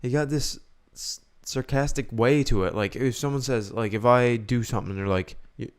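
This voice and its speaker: A man's voice: medium pitch, moderate pace, smooth. A young man co-hosting a podcast, chatting casually and opinionated, acting out the lines he quotes. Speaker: podcast co-host. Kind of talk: casual chat.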